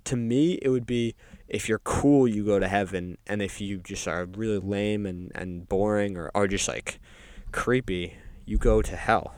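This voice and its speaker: A man delivering a rambling, deadpan comedic monologue as a resident of hell, full of ums and offhand asides. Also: lowish voice, unhurried, smooth, dry recording. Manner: rambling, deadpan, filler-heavy with frequent ums. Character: resident of hell describing its games. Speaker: comedic podcast host.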